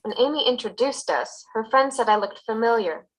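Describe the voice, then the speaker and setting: A woman's voice: fairly high pitch, animated, moderate pace, poor audio. A woman voicing a young woman in a scripted textbook dialogue who sounds anxious. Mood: tense.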